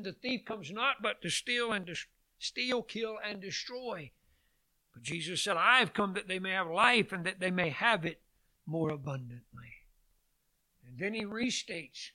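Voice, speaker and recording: A man preaching a sermon, swinging from loud calls to hushed lines and repeating phrases for emphasis. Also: high-pitched.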